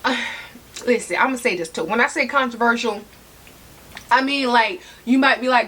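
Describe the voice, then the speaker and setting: A woman's voice: fairly high pitch, moderate pace, bright, forceful tone, husky. A woman vlogging about handbags in a sassy, chatty way, talking straight to her viewers while she eats. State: eating while talking, mouth sometimes full. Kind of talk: casual chat to camera.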